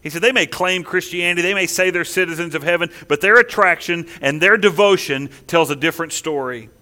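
Male pastor, high bright voice, emphatic preaching with loud and quiet swings. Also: brisk. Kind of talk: sermon.

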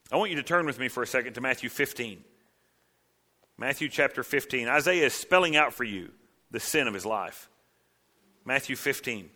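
A man preaching a sermon, acting out cries and quotes with big swings between loud and hushed. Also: mid-range voice. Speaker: pastor.

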